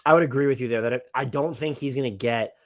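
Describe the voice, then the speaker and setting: In a laid-back basketball podcast, a male co-host with a mid-range voice talks quickly, posing questions in a conversational, hedging manner as they chat through analysis.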